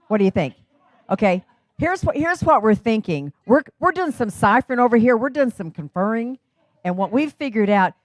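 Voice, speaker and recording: A woman's voice: mid-range voice, no echo, clean studio sound. A woman hosting a live charity fundraiser and running the auction, upbeat and coaxing the bidders.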